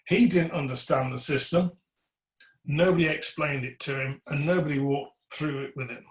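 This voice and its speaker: A man's voice: a little high, unhurried, fairly bright tone. A man presenting a webinar on electrical compliance, earnest and emphatic, putting pointed questions to his audience and cueing slides to a colleague. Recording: roomy echo.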